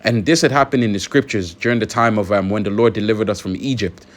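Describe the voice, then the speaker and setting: A man with a somewhat low voice hosts a religious commentary video. He talks loosely and conversationally, leaning on fillers as he reads and explains scripture. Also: fast talker. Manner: conversational, many fillers and restarts.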